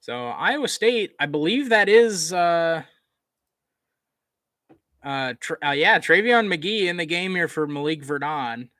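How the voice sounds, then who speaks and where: Bright-voiced casual male play-by-play caller. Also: on the high side, a little slow, dry recording, clean studio sound. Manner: conversational, fillers, gets excited on big plays. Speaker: live game commentator.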